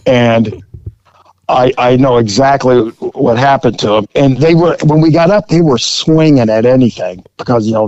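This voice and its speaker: A man's voice: mid-range voice, a little mellow, no echo, muffled recording. A man, a police officer, telling a story in a laid-back, profane, chuckling way. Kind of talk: casual storytelling.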